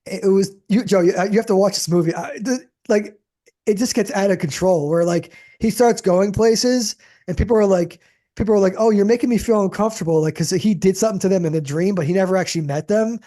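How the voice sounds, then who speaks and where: Podcast co-host, male, high and mellow voice, quick rambling delivery. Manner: rambling, restarts often, says dude and man. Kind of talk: casual chat.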